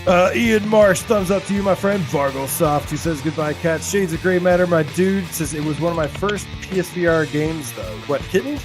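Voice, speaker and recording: Higher-voiced man with music behind. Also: moderate pace, hardly any pauses. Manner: playful, laughing, sing-song shout-outs. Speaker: podcast co-host. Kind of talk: reading chat shout-outs.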